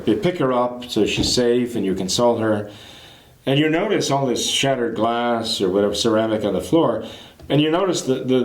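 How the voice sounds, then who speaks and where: A man gives a catechism lesson, making his points through everyday family anecdotes. His voice sits in a middle register and has a relaxed, chatty manner. The recording has a noticeable roomy echo. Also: medium pitch. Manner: conversational, explains with homely hypothetical examples. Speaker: catechism teacher.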